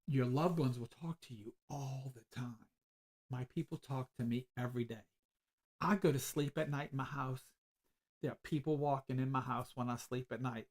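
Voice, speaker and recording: A man, hosting a podcast as a psychic medium, telling stories in a loose, animated way with frequent laughs and repeated words. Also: mid-range voice. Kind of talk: casual storytelling chat.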